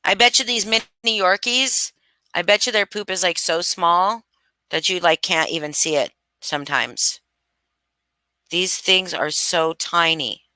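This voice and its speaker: Bright, crisp-voiced woman gushing on a stream. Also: lowish voice, unhurried. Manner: gushing, swears freely, laughs often. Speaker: live stream host. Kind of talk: casual live chat. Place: home.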